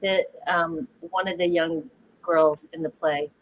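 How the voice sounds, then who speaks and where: A woman's voice: low voice, steady tone, slow pace, phone-quality sound. A woman actor on a festival panel, chatty and self-deprecating, with many hesitant fillers. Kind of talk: panel discussion.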